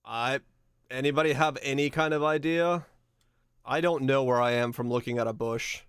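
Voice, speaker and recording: A man's voice: medium pitch, moderate pace, a bit bright, smooth, no room sound, studio quality. A man streaming a geography guessing game, chatting casually and musing aloud, with easy laughs and the odd swear. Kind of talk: casual live-stream chat while playing a geography game.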